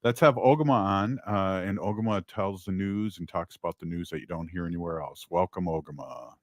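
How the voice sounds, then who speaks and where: A man hosting a radio show, introducing the next segment in a relaxed, informal way with a few uhs. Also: low-pitched, brisk.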